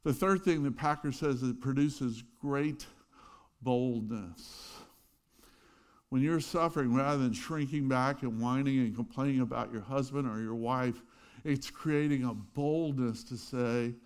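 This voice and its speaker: Male pastor, middle-aged, sermon, animated storytelling, loud bursts then soft asides. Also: mid-range voice.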